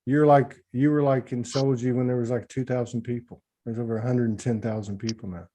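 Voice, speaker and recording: A man's voice: medium pitch, steady tone, fairly quick, dark tone. A man hosting an online spiritual talk livestream, speaking casually and emotionally, rambling with restarts as he greets a guest on a video call.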